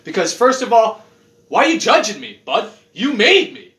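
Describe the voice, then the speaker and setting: A man's voice: high voice, moderate pace. A man ranting casually and sarcastically with lots of swearing, in a living room. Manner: profane, sarcastic, animated ranting. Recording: roomy room, mic at a distance.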